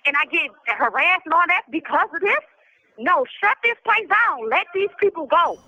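A woman's voice: very high voice, big pitch swings, normal speed, creaky, pushed and bright, highs cut off, slight background noise. A woman giving an impassioned spoken commentary from prison, urgent and emotional, pleading and repeating herself. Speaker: incarcerated person giving a recorded commentary.

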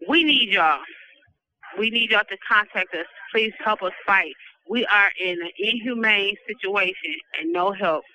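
A woman's voice: mid-range voice, measured pace, bright, forceful tone. A nervous woman, calling from prison over a tinny phone line and urgently pleading for help. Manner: urgent, pleading, repeats appeals. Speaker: incarcerated caller. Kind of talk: recorded phone appeal.

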